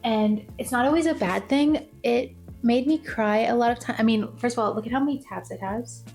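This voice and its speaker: A woman's voice: fairly high pitch, moderate pace, darkish tone, soft background music. A young woman talking casually as a book vlogger, gushing and repeating herself with lots of fillers. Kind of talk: casual chat.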